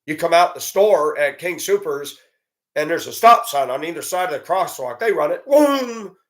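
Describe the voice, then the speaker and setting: A man's voice: fairly high pitch, expressive, normal speed, a bit bright. A man giving a blunt, profane, indignant monologue and telling a story about a run-in. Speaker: commentator. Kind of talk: ranting monologue.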